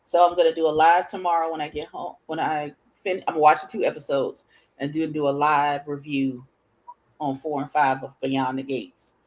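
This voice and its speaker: A woman co-hosting a casual chat show, blunt and animated, swearing freely and jumping into loud, high outbursts. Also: normal speed, low-quality recording. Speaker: podcast co-host.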